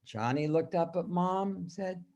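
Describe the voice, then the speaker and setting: A man teaching other teachers over a video call, telling a children's story song in a slow, sing-song way and leading the group to sing along. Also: high-pitched, darkish tone, muffled recording. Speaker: teacher trainer.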